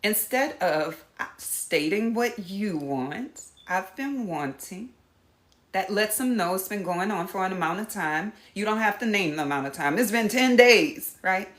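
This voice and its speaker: A woman's voice: medium pitch, lively intonation, moderate pace, fairly bright tone, reverberant. A woman teaching empaths in a casual live talk, giving direct instructions and calling her viewers y'all. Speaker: empath coach.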